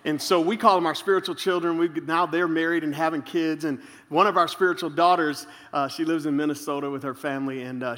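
A man preaching as pastor, telling humorous stories in an animated way. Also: fairly high pitch. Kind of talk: sermon. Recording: reverberant hall.

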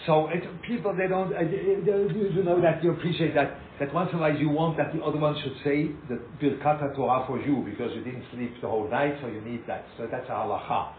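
A man giving an animated, informal Torah talk as a rabbi, repeating himself and acting out little scenes. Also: fairly high pitch, fast, few pauses. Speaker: rabbi teaching a class. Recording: echoey, tinny lo-fi room recording with hiss.

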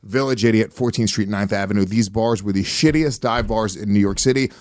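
A man's voice: on the low side, fairly quick, dry recording. Man, podcast host, crude storyteller, swears a lot, dry close mic. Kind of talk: casual podcast chat.

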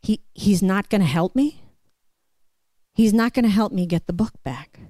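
A woman telling a personal story on stage at a live show, slow and deliberate. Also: medium pitch, animated, dark tone, no echo.

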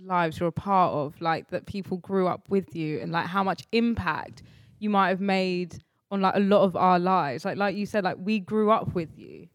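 A woman's voice: lowish voice, moderate pace, dry recording. Chatty woman hosting a podcast. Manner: chatty, many filler likes. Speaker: podcast host. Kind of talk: casual interview chat.

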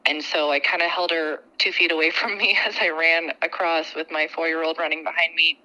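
A woman in her thirties on a phone call, telling a personal story in an animated way and laughing now and then. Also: deep voice, a little fast. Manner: animated and laughing as she tells it. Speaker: customer guest.

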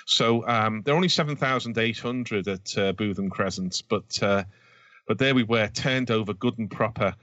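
Talking about football matches of the past, this Everton-supporting podcast co-host hesitates, restarts, and fills gaps as he searches for words. He has a lowish, fairly bright voice and a moderate pace, recorded lo-fi with no echo.

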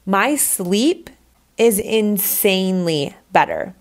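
Young adult woman, solo podcast host, chatty and unfiltered, everyday mid-pitched voice. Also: lively intonation, slow. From Colorado, United States. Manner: chatty, candid, frequent "like" fillers. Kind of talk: casual solo podcast talk. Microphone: podcast microphone.

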